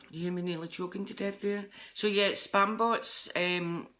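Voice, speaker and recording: A woman's voice: on the low side, fairly even intonation, slow pace, fairly bright tone. A middle-aged Scottish woman, a psychic medium, chatting with viewers on a live stream in a rambling, chatty way. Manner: chatty, rambling, jumps between topics.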